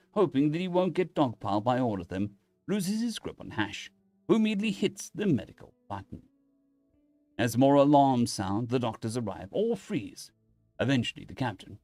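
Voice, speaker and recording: A man narrating internet science fiction stories aloud, reading in a lively way and correcting his slips. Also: medium pitch, dry recording. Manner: lively, animated reading with restarts. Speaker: story narrator.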